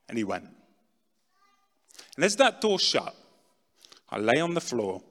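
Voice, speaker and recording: Animated man telling his story in an echoing hall. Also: medium pitch, a little slow, long pauses. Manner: dramatic, swings from loud to hushed. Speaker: speaker telling his testimony. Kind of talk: personal testimony talk. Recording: long reverb in a large hall.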